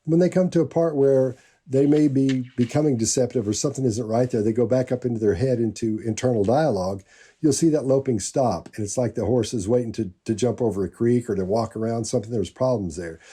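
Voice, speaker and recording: A man's voice: mid-range voice, a little fast, warm tone, husky. A man who trains people for jury selection, explaining in loose, rambling stretches full of restarts. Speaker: body language expert and jury selection trainer. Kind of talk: panel discussion.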